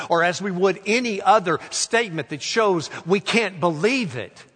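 A man preaching a sermon in a slow, deliberate way, stretching out quoted phrases and letting them fall soft. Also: a little high, animated, slightly rough. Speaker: pastor. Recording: long hall reverb.

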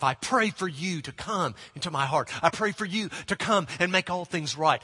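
A man preaching a sermon, earnest and emphatic, slowing down and dropping to a hushed, prayerful tone at times. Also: high voice, lively intonation, breathy edge, big-room sound.

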